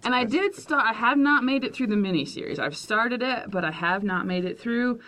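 A woman's voice: fairly high pitch, animated, moderate pace, a bit bright, slight background noise. A woman co-hosting a podcast, chatting casually about a book she recommends and laughing easily. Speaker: podcast co-host.

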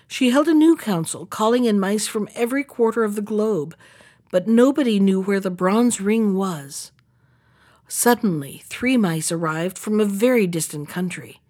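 A woman reading a fairy tale aloud, lifting her voice for the characters' lines. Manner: expressive, raises pitch for characters' lines. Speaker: storyteller.

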